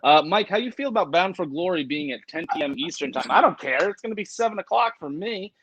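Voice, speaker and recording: A man co-hosts a casual livestream chat, rambling, swearing freely and reading viewer comments aloud. His voice is high-pitched, expressive and a bit bright, moving at a quick pace, with the highs cut off.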